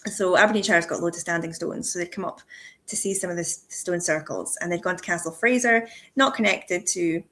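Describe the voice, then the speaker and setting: A woman's voice: fairly low pitch, a little fast, a bit bright. A Scottish woman in casual podcast chat, telling stories in a chatty way and laughing often. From Scotland. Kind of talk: casual chat, anecdotal storytelling.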